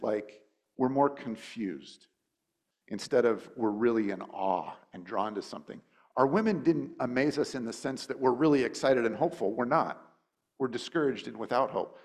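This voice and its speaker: Male pastor, casual teaching sermon, informal and restless delivery, slips into animated voices for quotes. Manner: informal, thinks aloud with frequent "like" and restarts; acts out quotes with sudden high, animated voices. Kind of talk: conversational sermon.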